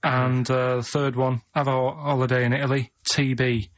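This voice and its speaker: A man with a Mancunian accent, a regular on a radio show, rambling in a deadpan, plain-spoken way. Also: medium pitch, moderate pace. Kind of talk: casual radio banter. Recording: lo-fi radio studio recording.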